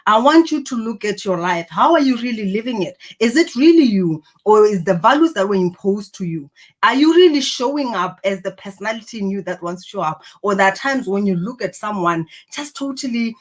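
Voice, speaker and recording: A woman's voice: fairly high pitch, expressive, fairly quick. A woman giving an earnest, encouraging motivational talk to camera, reflecting on personality and purpose. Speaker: personal growth speaker.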